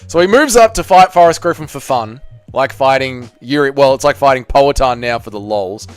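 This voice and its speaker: A man's voice: medium pitch, lively intonation, moderate pace, smooth, no echo, soft background music. A man hosting a live MMA reaction stream, chatting loosely with viewers and swearing freely.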